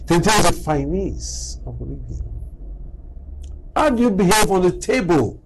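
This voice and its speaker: A middle-aged man delivers a motivational talk on everyday manners. His voice sits a little high and swings widely in pitch as he acts out little exchanges and peppers listeners with rhetorical questions. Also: unhurried, vocal fry, heavy background noise. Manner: animated storyteller, acting out quoted exchanges and firing rhetorical questions. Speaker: doctor giving a life-advice talk.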